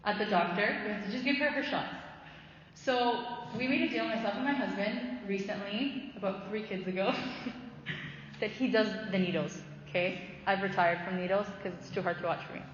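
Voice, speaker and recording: A woman's voice: mid-range voice, normal speed, a little hiss or hum. A woman in her thirties giving a casual faith talk, chatty and loose, with lots of fillers and restarts. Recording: echoey hall, muffled sound.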